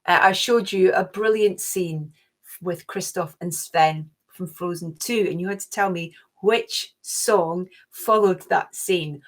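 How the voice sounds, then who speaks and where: A woman's voice: lowish voice, takes it slowly. Cheerful chatty woman hosting a quiz. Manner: chatty and cheerful, gushing with oohs. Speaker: quiz host.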